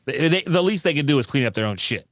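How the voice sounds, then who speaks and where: Bright-voiced man rambling through a joke. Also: on the high side, expressive, fast, dry recording. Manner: rambling joke explanations, crude swearing. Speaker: player. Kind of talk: improv game banter.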